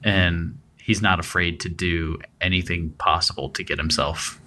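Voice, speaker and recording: A man's voice: deep voice, fairly even intonation, moderate pace, sharp tone, slight background noise. A man co-hosting a true-crime podcast, talking casually and rambling with lots of fillers and restarts. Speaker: podcast co-host.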